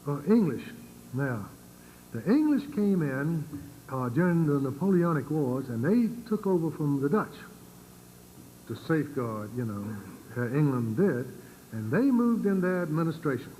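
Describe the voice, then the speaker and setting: Halting older Virginian man lecturing. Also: a little high, very animated, dark tone, a little hiss or hum, low-quality recording. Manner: halting, many fillers and repeated words. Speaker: church speaker. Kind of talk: informal lecture to a congregation.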